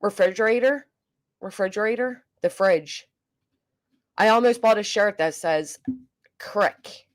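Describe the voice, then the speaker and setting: A woman hosts a casual livestream, reading comments and joking bluntly with swearing, and she's coughing. Her voice is mid-range and unhurried, with long pauses.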